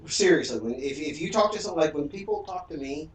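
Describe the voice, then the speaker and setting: A man's voice: fairly high pitch, expressive, a little fast. Chatty man from Virginia, roomy sound. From Central Virginia, USA. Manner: chatty, storytelling, joking. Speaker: streamer. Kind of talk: casual chat during a game stream. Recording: roomy, distant mic, faint room hum.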